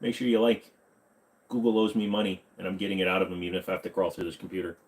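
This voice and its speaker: A man's voice: low-pitched, fairly even intonation, rapid-fire. A man hosting a casual live stream from his home computer room at a desk mic, answering viewer questions with jokes. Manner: slips into a bad Southern accent. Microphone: desk microphone.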